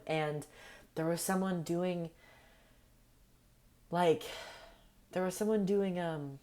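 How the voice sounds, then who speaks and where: Woman, low voice, young adult, rambling vlog chat, earnest and affirming, lots of "like" and "um". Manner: meandering, many fillers and soft laughs. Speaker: vlogger. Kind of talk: casual reflective monologue.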